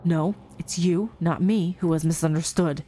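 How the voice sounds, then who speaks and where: A woman's voice: on the low side, fairly even intonation, normal speed, dark tone, close to an everyday voice. A woman reading the lines of a young male student who coldly accuses a classmate in a murder mystery game.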